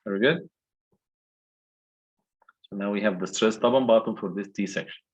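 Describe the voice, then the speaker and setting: A man's voice: on the low side, normal speed, darkish tone, husky, lo-fi sound. A male engineering lecturer walking through calculations step by step and asking the class questions. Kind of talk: recorded lecture walkthrough.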